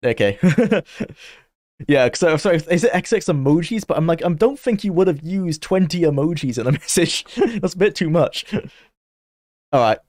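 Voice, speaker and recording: A man's voice: fairly high pitch, animated, moderate pace, darkish tone, no echo, studio quality. A young man chatting casually on a game stream, laughing often and talking to his chat.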